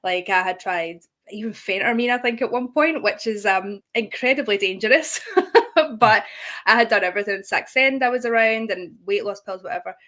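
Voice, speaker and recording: Speaking at a moderate pace, a young British woman with a medium-pitched, fairly bright voice is interviewed casually as a guest creator. She comes across friendly and laughs frequently during her explanations.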